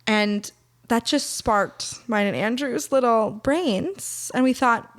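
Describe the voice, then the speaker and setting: A woman's voice: on the high side, slow pace. A woman co-hosting a podcast, chatting casually and telling candid stories. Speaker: podcast co-host. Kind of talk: casual chat.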